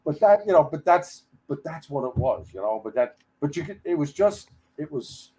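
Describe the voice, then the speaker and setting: A man's voice: on the high side, normal speed, low-quality recording. Chatty older man telling stories. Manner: animated storyteller who acts out the people he quotes; chatty, with frequent restarts. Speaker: podcast guest, retired firefighter. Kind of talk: casual storytelling in a podcast interview.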